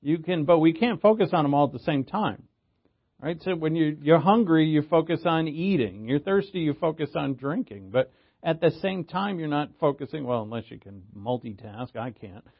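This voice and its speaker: A man's voice: a little high, lively intonation, moderate pace, muffled recording. A man teaching a Bible passage in a casual, conversational way, often checking in with "right?". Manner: conversational, frequent "right?" check-ins, restarts. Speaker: preacher.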